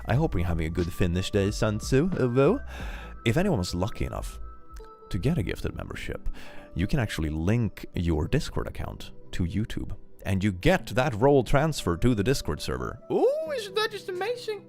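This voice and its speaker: A man's voice: lowish voice, wildly swooping pitch, moderate pace, darkish tone, faint music behind. A young man from Sweden, chatting casually on a livestream as he thanks donors and reads their messages, bubbly and giggly, jumping into squeals. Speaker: streamer reading donations.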